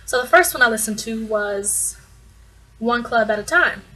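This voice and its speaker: Brief: young female vlogger, slightly high voice, bubbly and gushing, casual storytelling. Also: animated, normal speed, bright, forceful tone, rough recording. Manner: bubbly, gushing, lots of likes and restarts. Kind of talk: casual fan vlog storytelling.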